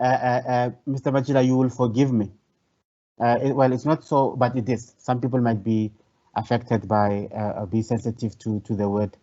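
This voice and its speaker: A man's voice: mid-range voice, a little mellow. A man, a professor giving an online workshop lecture in a conversational, hesitant way, repeating phrases. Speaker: professor leading a training workshop. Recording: dull, lo-fi online call audio.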